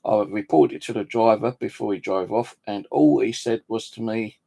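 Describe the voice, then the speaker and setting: Fed-up bloke ranting his story, gravelly voice, swears a lot. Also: on the low side, moderate pace, dark tone. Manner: swears freely, indignant, retells dialogue. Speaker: vlogger. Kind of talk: angry storytelling monologue.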